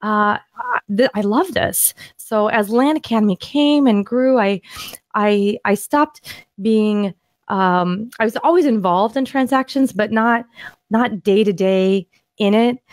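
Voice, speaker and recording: A woman co-hosting a podcast, excitedly walking through property deals on screen in a casual, rambling way with frequent restarts. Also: medium pitch, slow, no echo. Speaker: podcast co-host and land investor. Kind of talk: casual screen-share deal walkthrough.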